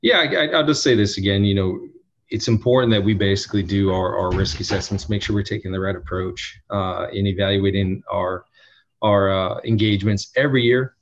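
A man, an audit executive, answering interview questions in an earnest, emphatic way with many restarts and a husky voice. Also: on the low side, fairly quick. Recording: dull lo-fi sound.

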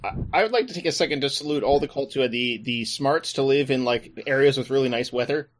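A man hosting a sports podcast, talking casually with wry, deadpan asides. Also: medium pitch, fast talker. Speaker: podcast host.

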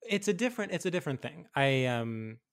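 Animated man hosting a comedy podcast. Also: a little high, gravelly. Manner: animated, rambling, quick to laugh. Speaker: podcast host. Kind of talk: casual comedy podcast chat.

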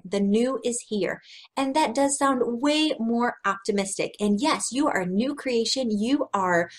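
A woman in her thirties giving a devotional teaching talk, earnest and conversational, telling personal stories frankly. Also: fairly high pitch. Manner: earnest and conversational, slow and deliberate. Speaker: Christian speaker.

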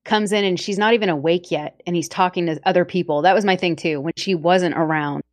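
Casting: low-voiced woman, lively casual podcast co-host, close dry mic. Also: brisk, no room sound. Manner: animated, acts out quotes, many fillers. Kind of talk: casual chat.

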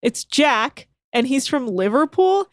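A woman's voice: high voice, very animated, slow, no echo, clean studio sound. A woman co-hosting a podcast, recapping a show in casual, crass chat and laughing often.

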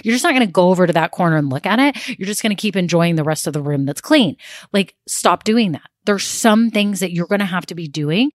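A woman's voice: fairly low pitch, animated, no room sound, studio quality. A woman in her thirties giving a direct, conversational motivational talk as a business coach, with frequent "like"s. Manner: direct, rapid, conversational, uses "like" often.

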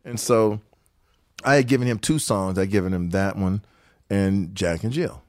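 An older man, a guest musician, telling anecdotes from his career in an animated way, often laughing and acting out other people's words. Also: on the low side, moderate pace, no echo, studio quality. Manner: animated storyteller who acts out quotes and laughs often. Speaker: guest musician, guitarist and songwriter. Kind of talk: storytelling interview anecdotes.

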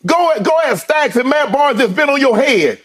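A man's voice: extremely high pitch, lively intonation, moderate pace, fairly bright tone. A man arguing heatedly in a sports debate, emphatic, often stammering and restarting his sentences.

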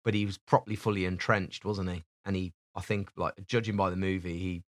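A man's voice: low-pitched, level tone, a little fast. A man co-hosting a podcast, chatting in a rambling, casual way from his home office. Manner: rambling, chatty, laughs often. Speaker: podcast co-host. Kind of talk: casual chat.

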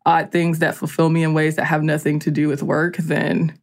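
A Southern American woman talks in a loose, rambling podcast chat and leans on "like" between thoughts. Her voice sits a little low for a woman. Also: little pitch movement, moderate pace. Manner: chatty, heavy use of "like". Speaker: podcast co-host.

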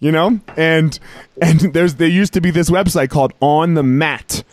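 A man's voice: fairly high pitch, moderate pace, dry recording. A man hosting a casual podcast, laughing often and prompting stories. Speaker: podcast host. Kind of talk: casual chat.

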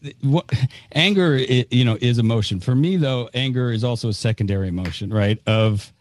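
A man's voice: mid-range voice, brisk, no room sound. Man in a dry, close recording, musing. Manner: hesitant, many fillers like "you know", candid. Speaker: podcast host giving advice. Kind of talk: reflective conversational advice.

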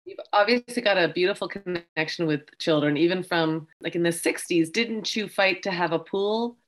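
A woman's voice: lowish voice, normal speed. Playful woman interviewer. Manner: playful, admiring, asks leading questions. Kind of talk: friendly interview.

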